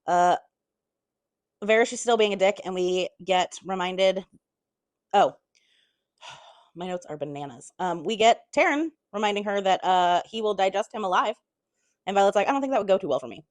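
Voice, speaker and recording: A woman's voice: mid-range voice, animated, fairly quick, pauses often, no echo. A woman giving a casual chapter-by-chapter book recap, chatty, throwing in blunt swearing asides and half-acting the characters' lines.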